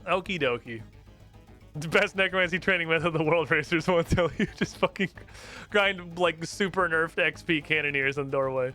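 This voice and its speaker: A man's voice: on the high side, moderate pace, pushed and bright. A young man streaming a fantasy game, joking and swearing casually as he plays. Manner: playful, profane, joking. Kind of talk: casual gameplay commentary. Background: game music.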